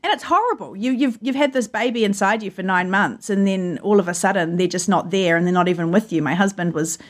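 A New Zealand journalist, appearing as a guest in a remote interview from her home, tells personal stories with earnest emotion. Her voice sits in the mid-range and moves a little fast.

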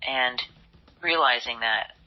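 A woman telling her own story in an interview, speaking softly and haltingly and often dropping to a hushed near-whisper. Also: a bass voice, lo-fi sound. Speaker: interview guest, model.

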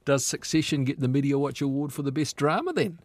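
A man's voice: a little high, animated, fast, dry recording. A man hosting a radio chat, playful, stretching out his announcements. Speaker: radio host.

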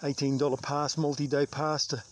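A New Zealand man talks as he walks a bush trail, chatty and quick to poke fun at himself. His voice sits a little high, and clear outdoor noise with insects runs behind him. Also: little pitch movement. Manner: chatty, self-mocking, sprinkles in mild swearing. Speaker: vlogger hiking a long trail. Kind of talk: casual hiking vlog talk.

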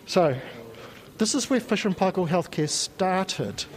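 Slightly high-voiced New Zealand man explaining. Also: lively intonation, measured pace, poor audio. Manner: patient, explanatory, with frequent ums. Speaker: company spokesperson giving a tour. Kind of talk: technical explanation on a factory tour. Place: factory and laboratory.

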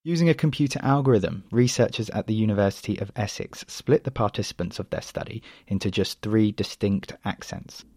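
Gravelly male reporter narrating. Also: fairly low pitch, brisk, hardly any pauses, a little mellow, no echo, clean studio sound.

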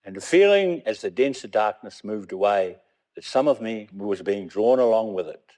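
Mellow-voiced New Zealand man reading memoir. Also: lowish voice, expressive. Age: 50s. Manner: measured and reflective, weaving in Māori phrases. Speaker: memoir narrator.

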